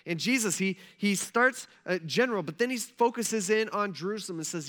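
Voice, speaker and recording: Man, pastor, sermon, bright tone, slightly high pitch, animated, casual asides, "right?" check-ins. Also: a little fast, hardly any pauses. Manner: animated preaching with big swings in loudness.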